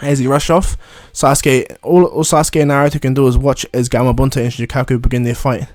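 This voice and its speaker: A man's voice: medium pitch, flat delivery, fairly quick, a little mellow, no echo, studio quality, faint music behind. A man retelling a fan story casually, rambling with many fillers and restarts.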